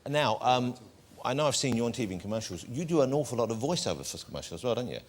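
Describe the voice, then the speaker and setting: A man's voice: medium pitch, sing-song, quick pace. A man hosting a TV chat show, joking and teasing his guests and laughing often. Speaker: talk show host. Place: TV studio with live audience.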